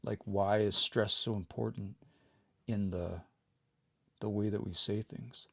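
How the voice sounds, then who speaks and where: A man giving a relaxed livestream language lesson, explaining patiently and thinking aloud as he reads out viewer comments. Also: lowish voice, measured pace, vocal fry, dry recording. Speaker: language teacher.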